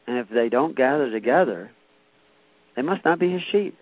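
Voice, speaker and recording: A man's voice: mid-range voice, lively intonation, moderate pace, pauses often, dry recording. A man preaching a sermon, shifting from folksy storytelling to emphatic exhortation. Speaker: pastor. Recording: dry, tinny phone-like radio broadcast.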